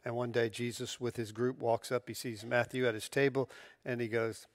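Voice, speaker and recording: A man preaching a sermon as a pastor, emphatic and animated, often stumbling over restarts as he builds to a point. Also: mid-range voice, normal speed, no echo.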